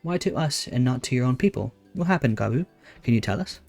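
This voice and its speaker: A man voicing a formal, earnest young male scholar in a game, with measured, careful speech. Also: medium pitch, lively intonation, gravelly, a little mellow, faint music behind.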